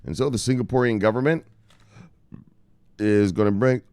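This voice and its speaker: Hosting a crypto news show as a casual live stream, a man is excitable and profane, swearing freely and repeating "look, look." His lowish voice is clean and free of echo, at a moderate pace.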